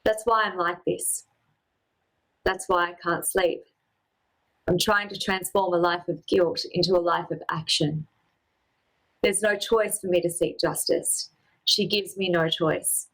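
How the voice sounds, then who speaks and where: A woman performing a personal spoken-word story, with a measured, poetic and deliberate delivery. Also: lowish voice, steady tone, a bit bright, rough recording.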